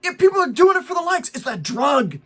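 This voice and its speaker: A man's voice: very high-pitched, sing-song, fairly quick, sharp tone, a little hiss or hum. A middle-aged man hosting a vlog, ranting with indignation about people lying for likes and preaching with jokey asides. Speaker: vlog host. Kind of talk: ranting social media commentary.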